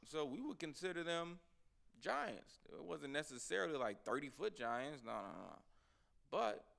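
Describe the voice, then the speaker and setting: A man leads a Bible study in a loose, conversational preaching style. His voice has a gravelly rasp, and he leans hard into his emphatic points while addressing the class as y'all. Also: a little high, sing-song, moderate pace, a bit bright. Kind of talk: informal sermon teaching.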